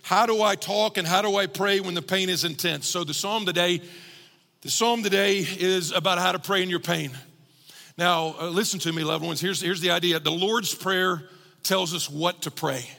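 A man's voice: sits high, steady tone, normal speed, gravelly, sharp tone, in a large hall. A man preaching a sermon as pastor, earnest and growing emphatic.

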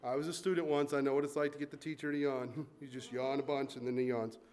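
A man preaching a sermon, swinging from loud emphatic points to quiet asides and acting out listeners' complaints in mock voices. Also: mid-range voice, level tone, fast, slight background noise. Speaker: pastor.

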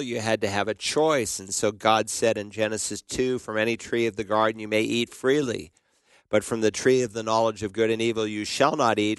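Measured male radio Bible teacher. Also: on the low side, smooth, dry recording. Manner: measured, explanatory, quoting scripture.

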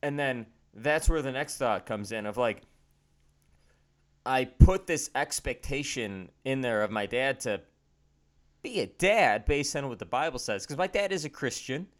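An earnest man co-hosts a faith podcast and talks candidly, with a self-deprecating streak. His pitch sits in the middle of the range. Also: expressive, measured pace. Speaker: podcast co-host. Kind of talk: casual faith podcast chat.

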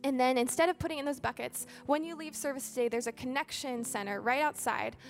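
Woman, pastor, high voice, church announcements, faint music behind. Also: fast talker, creaky. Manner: warm, inviting, with ums. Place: church sanctuary.

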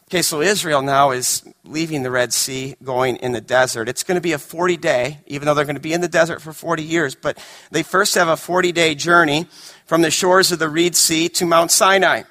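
A male pastor delivers a sermon in a high, bright voice. He builds emphatic, raised runs, then sinks to hushed, intimate lines. The delivery is animated and storytelling. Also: brisk. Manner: dramatic, swinging from emphatic to hushed.

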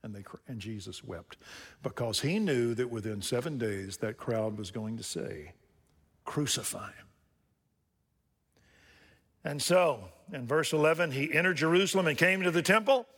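A man preaching a sermon, swinging between loud rising emphasis and hushed, quiet passages. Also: medium pitch. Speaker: pastor. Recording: long hall reverb.

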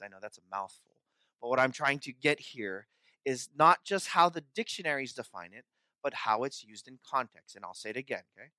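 A male pastor preaching a sermon, repeating key phrases for emphasis and swinging between soft, quiet passages and loud, urgent ones. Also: mid-range voice, big pitch swings, brisk, dry recording.

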